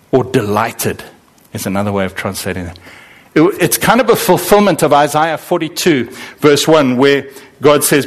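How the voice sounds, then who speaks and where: A man from Zimbabwe, preaching a sermon with animated, dramatic swings in delivery. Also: normal speed. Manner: animated, with sudden dramatic swings in pitch and pace. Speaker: pastor.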